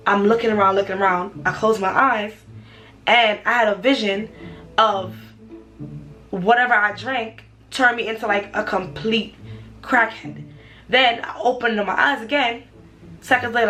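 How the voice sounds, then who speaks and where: A woman's voice: medium pitch, rough recording. Young woman telling a storytime vlog. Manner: casual, animated retelling with repeated phrases. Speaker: vlogger.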